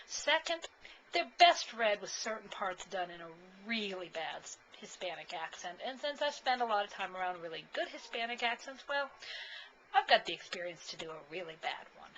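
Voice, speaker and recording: A woman, a parent, reading a children's picture book aloud in a folksy, animated way. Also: medium pitch, moderate pace. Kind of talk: casual storybook read-aloud. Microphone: built-in camcorder mic. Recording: dull lo-fi camcorder sound, faint hiss.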